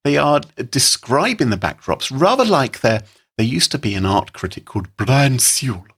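Podcast guy chatting, lots of ups and downs in his voice, bit husky. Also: mid-range voice, big pitch swings, moderate pace, fairly bright tone. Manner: chatty, amused, frequent laughing asides. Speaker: podcast co-host. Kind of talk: casual chat.

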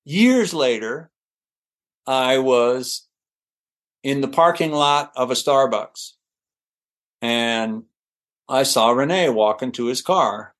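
A middle-aged man, an actor guest on an interview show, telling anecdotes in a lively way with laughs and restarts. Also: mid-range voice, slow pace, pauses often. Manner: animated, laughing, with restarts and fillers. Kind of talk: anecdotal storytelling.

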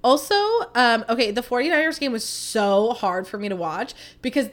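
A woman in her thirties with a fairly high voice hosts a podcast at a moderate pace. She chats casually and animatedly, telling stories and saying "like" a lot.

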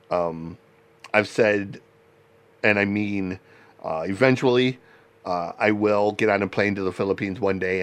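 A man hosting a podcast, talking in a rambling, halting way with many restarts and frequent laughter. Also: on the low side, a bit bright. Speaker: podcast host. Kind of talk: casual interview chat.

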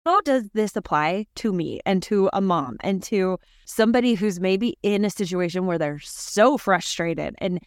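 A woman's voice: mid-range voice, animated, normal speed, few pauses, no echo. Female podcast host, casual and encouraging, steers the chat, dry close mic. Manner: encouraging, guides the conversation.

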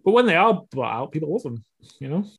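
A man chatting casually about wrestling on a podcast, relaxed and often agreeing. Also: a little high, fast, creaky, husky.

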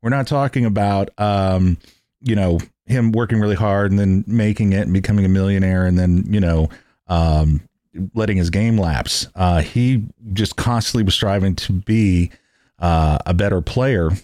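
A man's voice: deep voice, normal speed, mellow, no room sound, clean studio sound. A man hosting a casual podcast chat, rambling and correcting himself as he talks. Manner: rambling, restarts and self-corrections.

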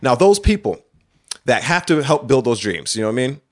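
A man's voice: medium pitch, sing-song, fairly quick. A man co-hosting a casual podcast, rambling through his points with lots of "you know" and "right" and getting worked up as he argues. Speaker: podcast co-host.

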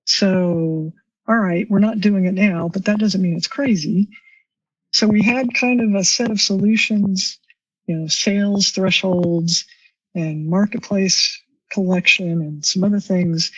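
On a podcast, a female guest explains policy at length and thoughtfully in an interview. Her voice is lowish and slightly rough, and the remote recording is dry, distant, and a little dull.

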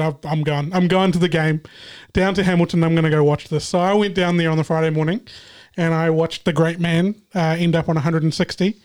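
On a laid-back podcast, a New Zealand panelist recalls a memory in a voice on the high side with a darkish tone. He comes across as earnest, often faltering as each sentence begins.

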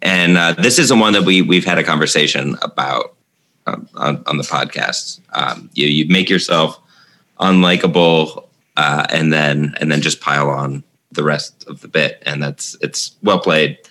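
Deep-voiced podcast host guy, bright crisp tone, stops and restarts a lot. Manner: halting, many fillers and restarts. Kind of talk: interview questions, casual chat.

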